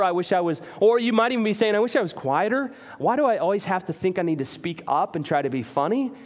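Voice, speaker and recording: A male pastor with a high, light voice delivers a sermon in a church sanctuary. He preaches in an earnest, conversational way, joking at his own expense. His voice carries a long reverb from the hall around him. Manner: earnest, conversational preaching with self-deprecating humor.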